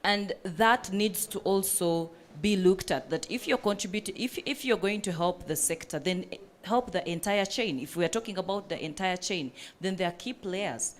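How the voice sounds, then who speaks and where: A woman's voice: medium pitch, normal speed, hardly any pauses. Impassioned woman panelist, faint room noise. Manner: earnest, impassioned, with many fillers. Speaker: panelist, coffee business owner. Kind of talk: panel discussion.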